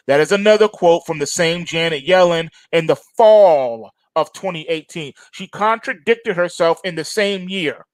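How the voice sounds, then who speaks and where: A man's voice: fairly high pitch, normal speed, hardly any pauses, no room sound. A man hosting a market commentary monologue, sardonic and emphatic, mocking as he goes.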